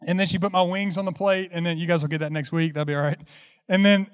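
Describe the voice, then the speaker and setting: A man's voice: high voice, fairly even intonation, fast talker, clean tone, in a large hall. A man preaching a sermon, telling a folksy story that builds into fervent preaching. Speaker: pastor.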